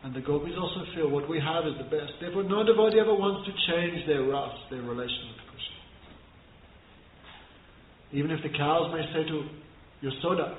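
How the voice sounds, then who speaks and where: A man giving a scripture class, telling stories, chanting verses and laughing softly. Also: a little high, normal speed, a little hiss or hum. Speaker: spiritual teacher. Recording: echoey room over thin phone-like line.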